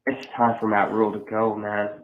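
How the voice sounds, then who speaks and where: A man calling in by phone to a podcast, ranting angrily and cursing, often yelling. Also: on the low side, little pitch movement, a little fast. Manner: profane, yelling, heated. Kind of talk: angry fan rant over the phone. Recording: tinny phone line, echoey.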